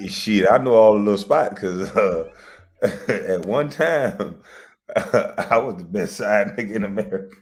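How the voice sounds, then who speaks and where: Laughing, loud-talking man telling stories. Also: lowish voice, lively intonation, unhurried. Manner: loud, laughing, swearing storyteller. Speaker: show host. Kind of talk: casual storytelling chat.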